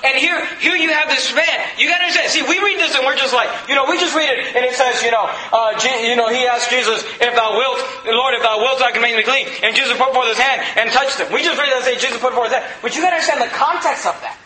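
A man's voice: very high-pitched, fast, hardly any pauses, bright, forceful tone, echoey room, a little hiss or hum, rough recording. A man preaching a sermon in a church, emphatic, often asking the congregation rhetorical questions. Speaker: pastor.

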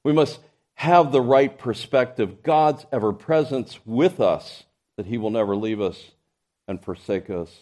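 Guy preaching a sermon, warm mellow tone, kinda stops and restarts a lot, gets louder on the big points. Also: mid-range voice, a little slow. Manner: preaching with rising emphasis and frequent restarts. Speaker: pastor.

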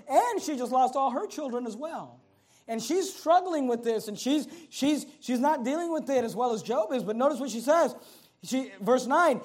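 A man preaching a sermon with emphasis, swinging between loud, rising lines and low, quiet drops, often repeating words. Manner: emphatic, rising to near shouts and dropping low.

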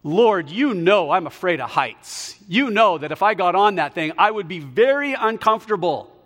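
A man's voice: high voice, expressive, moderate pace, fairly bright tone. A man voicing a stubborn flood victim who pleads and justifies himself, with long hall reverb. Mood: complaining. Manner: pleading, then self-justifying. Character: stubborn flood victim waiting on God, male.

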